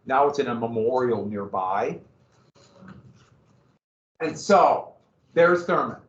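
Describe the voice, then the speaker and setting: A man's voice: medium pitch, expressive, slow, slight background noise. A man teaching a history class, lecturing casually with asides and questions to his students. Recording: roomy, distant, dull classroom recording.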